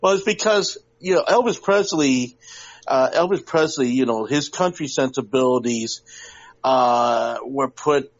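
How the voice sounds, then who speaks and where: A man's voice: medium pitch, unhurried. A man co-hosting a podcast in casual chat, rambling with many restarts and fillers. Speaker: podcast co-host. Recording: lo-fi live audio-app stream.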